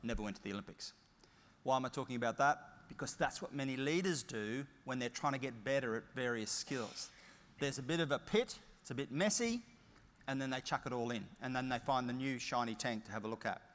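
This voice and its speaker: A man's voice: mid-range voice, fairly quick, a bit bright. Australian man, middle-aged, motivational keynote speaker, emphatic storytelling, long reverb from a large hall. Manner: emphatic, storytelling with punchy short phrases.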